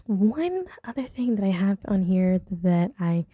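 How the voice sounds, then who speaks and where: A woman's voice: medium pitch, lively intonation, measured pace, no room sound, phone-quality sound. A woman hosting a casual podcast from home, whose first language is not English, chatting in a rambling, giggly way and getting sidetracked easily. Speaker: podcast host. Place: at home with her dog nearby.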